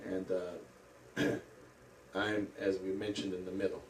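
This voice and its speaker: A middle-aged man from St. Louis, an Islamic teacher, telling his life story slowly with many pauses and hesitations. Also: sits low, little pitch movement, a little hiss or hum. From St. Louis, USA. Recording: echoey room, mic at a distance.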